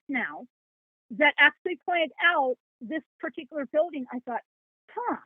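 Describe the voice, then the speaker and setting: A woman, a psychic guest on a podcast, telling a story in an animated, folksy way, acting out quoted dialogue. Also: high-pitched, no echo. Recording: tinny, phone-like line.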